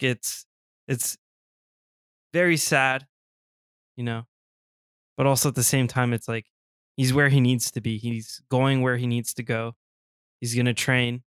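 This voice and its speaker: A man co-hosting a podcast in casual chat, relaxed and repeating himself as he trails off. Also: mid-range voice, normal speed, pauses often, clean tone, dry recording, clean studio sound. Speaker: podcast co-host.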